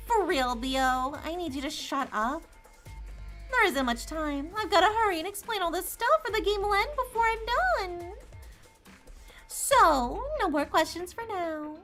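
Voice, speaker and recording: Girl doing a high, singsong drawly rabbit host, teasing everybody, faint game music behind. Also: a bit bright, full character voice. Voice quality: Southern drawl put on. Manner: taunting, singsong, playful. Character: mischievous male AI rabbit game master. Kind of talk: reading a visual novel aloud on stream.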